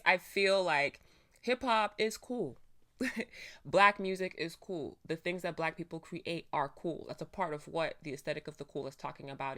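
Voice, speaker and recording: A woman hosting a reaction video, talking in a casual, animated way with lots of fillers, frequent laughs and some swearing, into her own microphone. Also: deep voice. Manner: laughs often while talking.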